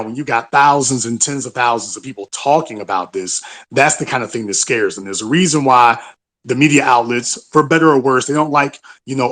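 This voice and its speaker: A man holds forth in an online audio chat, talking casually about politics. He makes his points emphatically and repeats key phrases to drive them home. His voice sits at an ordinary pitch and comes through a home phone or computer mic. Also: a bit bright. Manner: emphatic, repetitive, conversational. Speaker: host of an online audio talk room.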